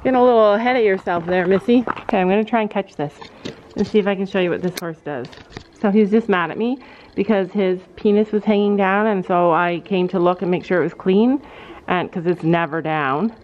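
Outdoors by a horse barn and trailer, a woman talks a little fast in a medium-pitched voice, casually addressing the camera and calming her horses. Faint noise and a slightly dull quality mark the recording.

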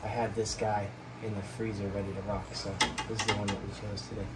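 A man's voice: lowish voice, fast talker, very noisy. A man talking casually to the camera about feeding his reptiles and tattooing, chatting to his animals. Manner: energetic, talks to his animals. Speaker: tattoo artist and reptile keeper. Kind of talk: casual vlog narration.

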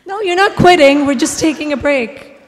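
A woman from the audience speaks in a calm, reassuring way, her fairly high voice picked up from afar. Long reverb from the auditorium surrounds her words. She soothes someone who is upset. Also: moderate pace. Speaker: audience member. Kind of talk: improvised role-play as a parent.

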